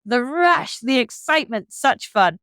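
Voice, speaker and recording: A woman from England with an English accent, a guest telling a story in casual chat, frank and animated, swearing freely. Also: high voice, unhurried, dry recording. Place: hostel room.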